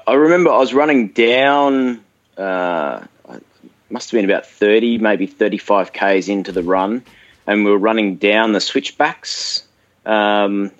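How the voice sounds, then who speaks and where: A man with an Australian accent, a guest runner telling race stories in a relaxed way with fillers. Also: fairly low pitch, no room sound, highs cut off. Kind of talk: casual phone chat.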